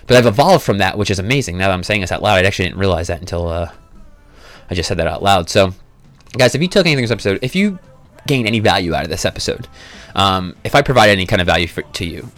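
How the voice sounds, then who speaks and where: A man's voice: low voice, lively intonation, fast talker, fairly bright tone. A man hosting a podcast, giving a blunt motivational monologue full of swearing and emphatic repeated phrases. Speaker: podcast host.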